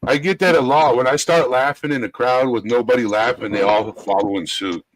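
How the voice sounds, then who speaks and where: A man's voice: medium pitch, fairly quick, no echo, poor audio. A man from the American South, a guest on a casual livestream chat, who laughs often while telling stories. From Southern United States.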